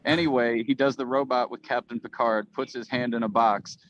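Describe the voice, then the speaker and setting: A man on a casual podcast panel, reading jokes and tweets aloud in a deadpan way and often breaking into laughter. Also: mid-range voice, normal speed, lo-fi sound, a little hiss or hum.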